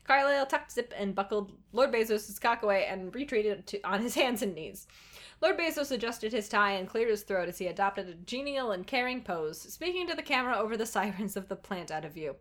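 A woman's voice: medium pitch, animated, a little fast, a bit bright. A woman co-hosting a comedy podcast, reading a parody story aloud between bursts of laughter. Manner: giggly, reads with dramatic flair.

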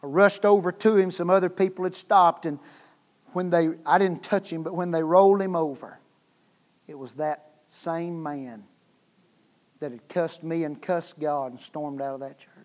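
A man preaching a revival sermon as guest preacher, telling a story that swings from hushed tones to loud bursts, with repeated words. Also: a little high, moderate pace. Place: church sanctuary. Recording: long hall reverb.

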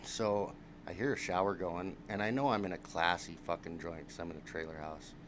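A man's voice: deep voice, fairly even intonation, a little fast. A man telling a rowdy, profane anecdote in casual chat, acting out the dialogue. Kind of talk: casual storytelling. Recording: noticeable background noise.

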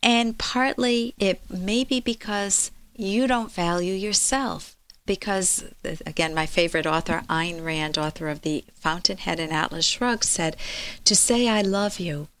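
A woman's voice: on the low side, a little slow, fairly bright tone, no room sound. A woman psychologist who hosts an advice show and speaks earnestly and emphatically, acting out quoted speech. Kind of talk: advice talk and book reading.

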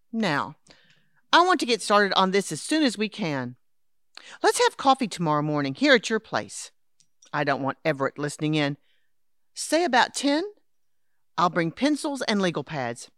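An actress playing Henrietta, a brisk, patronizing elderly woman in an audio drama. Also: on the low side, fairly bright tone, no echo, studio quality. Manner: brisk, patronizing, calls others dear and darling. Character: scheming elderly woman, Henrietta, would-be crime writer.

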